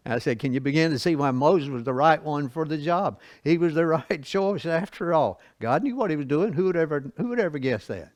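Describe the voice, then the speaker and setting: Brief: male church Bible teacher, folksy and chatty, chuckles between points, fairly high voice, dry close sound. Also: animated, normal speed, dry recording. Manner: asks the class rhetorical questions. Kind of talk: church Bible lesson, reading and explaining scripture.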